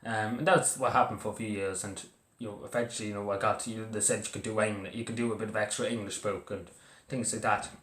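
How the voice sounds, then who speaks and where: Halting Irish man, low voice, echoey room. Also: steady tone, a bit bright. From Ireland. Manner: halting, full of fillers and restarts. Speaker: vlogger. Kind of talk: casual personal talk to camera.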